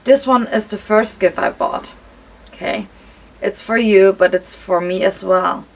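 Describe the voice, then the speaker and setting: A woman's voice: mid-range voice, a little slow, gravelly. A young woman vlogger talking casually as she opens presents, chatty and gushing. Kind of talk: casual unboxing vlog.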